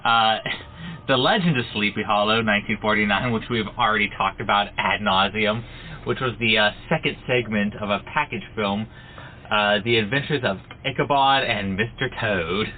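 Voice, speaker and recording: A man's voice: lowish voice, moderate pace. A man co-hosting a casual horror book club podcast, laughing often and tripping over his words. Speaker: podcast co-host. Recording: tinny phone-like sound, faint noise.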